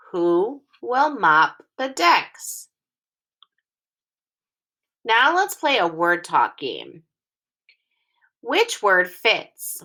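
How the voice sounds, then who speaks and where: For young children, a woman teacher records a phonics lesson, reading sentences aloud slowly and clearly, one phrase at a time. Her voice is mid-range and a little bright.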